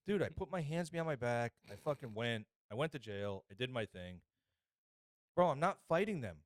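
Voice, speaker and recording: A man's voice: medium pitch, normal speed, no echo, clean studio sound. A man co-hosting a podcast in a casual chat, telling stories and acting out other people's voices. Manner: animated storyteller, acts out other people's voices. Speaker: podcast co-host.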